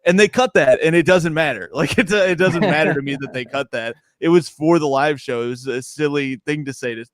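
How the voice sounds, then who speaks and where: A young man, a stand-up comedian, chatting casually on a podcast, animated and laughing often. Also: on the high side, a little fast, dry recording, clean studio sound.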